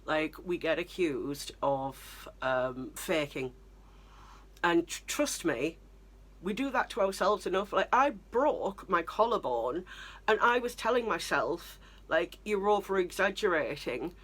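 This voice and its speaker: A woman's voice: lowish voice, animated, slow pace, fairly bright tone. A young British woman telling stories in a chatty, exasperated vlog style, with lots of fillers. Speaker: vlogger. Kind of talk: storytelling vlog.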